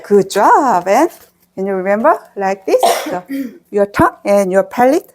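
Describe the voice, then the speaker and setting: A woman's voice: mid-range voice, animated, unhurried, darkish tone. A woman with a Korean accent teaching pronunciation, patiently repeating syllables for learners to copy. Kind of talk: slow, patient pronunciation lesson.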